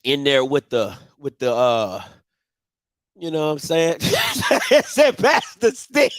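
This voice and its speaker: A man, hosting a live show and telling a story in casual chat, animated and swinging from loud outbursts to low murmurs. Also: no echo. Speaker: podcast host.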